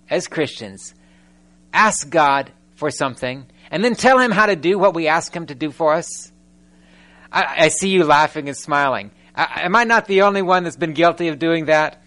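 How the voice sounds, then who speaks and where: Male preacher, fairly high-pitched, animated storyteller who acts out characters and peppers the congregation with rhetorical questions. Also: moderate pace. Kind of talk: sermon.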